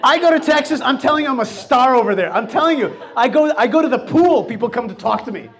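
Animated high-voiced male talk host. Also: fast. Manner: animated storytelling, acts out quotes. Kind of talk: casual radio talk.

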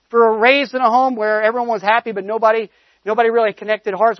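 A man with a notably high voice delivers a sermon, moving from a conversational personal story into exhortation. He leans hard on certain words with rising emphasis. The recording sounds muffled and dry, with no room echo. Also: level tone, fast. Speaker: preacher.

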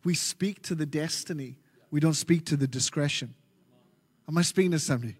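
High-voiced Australian preacher in a big hall. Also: male voice, husky. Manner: animated, jokey preaching with quick asides. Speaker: pastor. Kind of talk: sermon. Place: large church hall. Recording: reverberant church hall.

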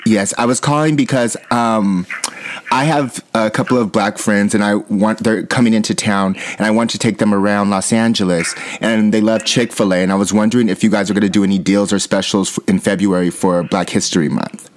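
A man's voice: lowish voice, steady tone, fairly quick, a little hiss or hum, lightly acted. A man voicing a fussy, overly earnest woman on a prank phone call, prim and politely whiny. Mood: fake earnest. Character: fussy fake-sweet white woman caller, adult.

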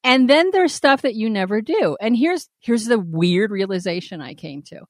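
Brief: woman, podcast co-host, candid storyteller, very lively pitch, dry close sound. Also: normal speed, no echo. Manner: animated storyteller, swoops up when quoting; laughs often. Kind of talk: candid casual chat.

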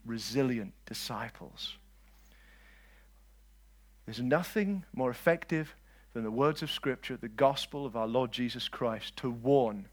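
A man preaching a lively sermon, swinging between loud declarations and quiet asides and joking with his listeners. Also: mid-range voice, measured pace. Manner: jokes with the audience.

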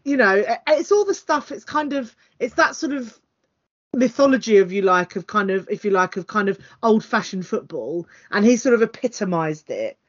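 A woman's voice: mid-range voice, expressive, moderate pace, highs cut off. A woman, co-hosting a football podcast and rambling with many fillers and hesitations. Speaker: podcast co-host. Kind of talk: casual football chat.

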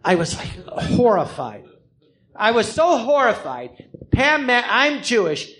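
High-voiced man telling a profane story. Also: unhurried. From California. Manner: animated, profane, acts out the people he quotes. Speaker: comedian telling his story. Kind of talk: live storytelling monologue. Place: live theater stage.

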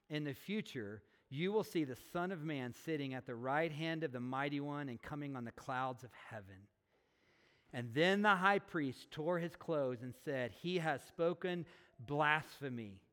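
A man's voice: fairly high pitch, a bit bright. A man preaching a sermon, reading scripture aloud and then building to emphatic intensity. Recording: long reverb of a large hall.

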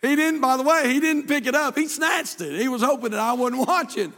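Older man preaching, high and bright. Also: a little fast, long reverb tail. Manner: folksy, emphatic preaching with repeated phrases. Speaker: pastor. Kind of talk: sermon. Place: church sanctuary.

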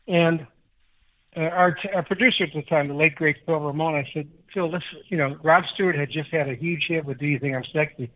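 An older man from Chicago, a guest musician, telling rambling, animated anecdotes in a casual interview. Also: a little high, a little fast. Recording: tinny phone-like line.

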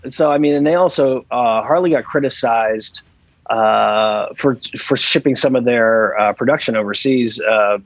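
A man guesting on a podcast, telling stories in a lively, rambling way full of fillers. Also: mid-range voice, normal speed, no echo, poor audio. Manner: animated storyteller with many fillers. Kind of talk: casual podcast interview.

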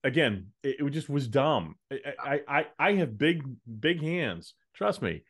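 A man's voice: medium pitch, sing-song, a little slow, fairly bright tone. A man co-hosting a podcast, chatting casually and giving jokey, opinionated takes. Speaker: podcast co-host.

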